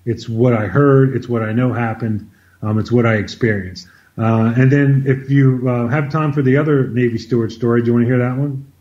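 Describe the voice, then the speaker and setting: A man as an interview guest, telling an anecdote in an animated conversational way, often repeating words as he starts a sentence. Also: mid-range voice, moderate pace, dull audio. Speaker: interview guest, former White House officer. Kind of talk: conversational storytelling.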